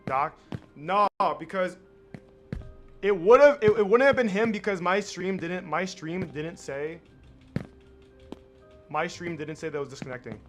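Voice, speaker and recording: Higher-voiced man streaming, music behind. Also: measured pace, long pauses. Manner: repeats himself while thinking aloud. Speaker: game streamer. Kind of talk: casual gaming stream talk.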